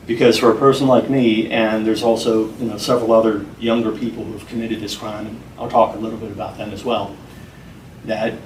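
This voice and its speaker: Earnest low-voiced man in an echoey room. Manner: earnest, deliberate and sincere. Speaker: interview guest, program founder. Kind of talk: earnest conversational interview. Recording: echoey room, mic at a distance, faint noise.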